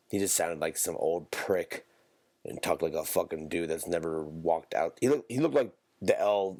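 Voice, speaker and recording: Gravelly low-voiced man ranting. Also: a little mellow. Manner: profane, rambling, swings between mock rage and mumbling. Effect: auto-tune on the voice. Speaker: podcast host. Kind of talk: casual solo podcast rant.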